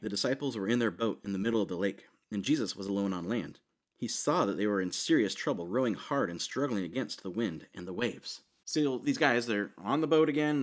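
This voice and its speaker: A man preaching a sermon in a casual, conversational way, often asking "right?" and saying "like.". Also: lowish voice. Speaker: pastor.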